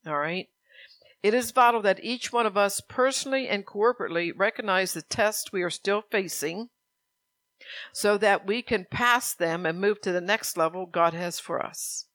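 A woman's voice: mid-range voice, a bit bright, dry recording. Woman pastor preaching a sermon. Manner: preaching, reads scripture slowly and earnestly; asks the congregation direct questions. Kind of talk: sermon with scripture reading.

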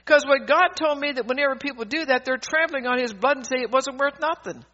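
This woman's voice is high and sharp, and she talks a little fast. She preaches with fervor and emphasis, rambling, breaking into laughter mid-sentence and restarting often, all captured on a dull lo-fi recording.

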